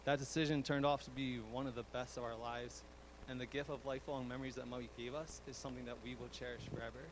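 A man's voice: medium pitch, flat delivery, fast talker, slight background noise, low-quality recording. A young man giving a fond eulogy for his grandmother, chuckling often and using fillers. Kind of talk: eulogy speech.

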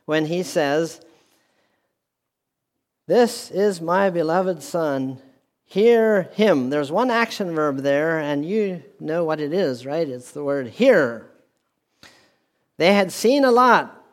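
A man delivering a sermon in a slow, measured way, his voice sitting a little higher than most men's. He repeats key phrases and restarts lines as he preaches. The sound carries a long hall reverb, as from a church with a speaker system. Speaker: pastor.

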